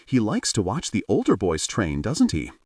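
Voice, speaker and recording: Hiyori, excitable young woman, as a man puts her on. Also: lowish voice, normal speed, no room sound, studio quality, far from the mic. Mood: chatty.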